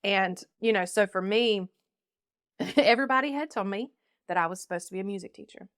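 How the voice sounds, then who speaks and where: A woman's voice: mid-range voice, fairly quick, clear, resonant tone, dry recording, studio quality. A young woman from North Carolina, a podcast guest telling her life story and acting out the people in it. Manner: animated, laughing often, acting out quoted voices. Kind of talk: casual storytelling.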